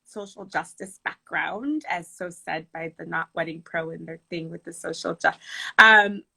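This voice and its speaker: A woman wedding planner chatting casually in an interview, animated and laughing as she tells stories. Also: on the low side, normal speed, gravelly, breathy edge, poor audio. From Michigan.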